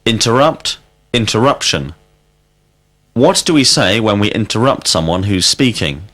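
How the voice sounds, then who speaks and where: A male teacher leading a scripted language drill, asking questions slowly and deliberately and calling out single words as prompts. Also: on the low side, sing-song, a bit bright. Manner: slow, deliberate questioning with clear word prompts.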